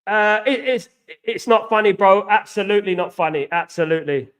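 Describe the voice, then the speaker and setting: This East London man talks a little fast in a high-pitched, somewhat bright voice while hosting a football fan live stream. His casual chat is repetitive, peppered with "absolutely," and he reads viewer comments aloud.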